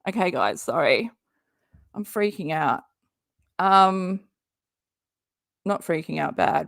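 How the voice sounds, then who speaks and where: A woman with a lowish, expressive and fairly bright voice gives casual live reactions to a stream, speaking slowly with creakiness and long pauses. She rambles, swears, laughs and interrupts herself. The recording is dry and studio-clean.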